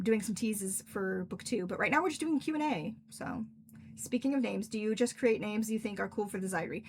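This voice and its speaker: Her mid-range voice is a little mellow, and there's a faint hiss or hum in the recording. Indoors at home in cosplay, this young woman runs a casual author Q&A livestream, rambling through her answers and saying "like" again and again.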